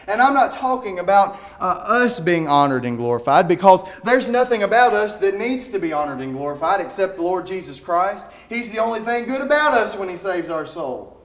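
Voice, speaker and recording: A preacher delivers his sermon in a fairly high voice that rings around a reverberant church. He drops to quiet, homespun storytelling, then builds into loud, rising calls to the congregation. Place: church sanctuary.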